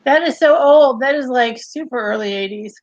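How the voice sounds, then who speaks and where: A woman's voice: high-pitched, moderate pace, no room sound. Playful woman on a dull, dry line. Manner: playful, jokey, quotes old comedy routines. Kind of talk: casual livestream chat.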